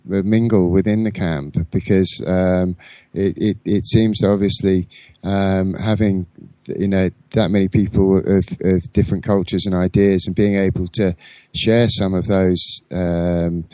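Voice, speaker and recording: A man interviewing a guest on a radio show, asking long questions with many hesitant pauses. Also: low-pitched, dark tone, no echo.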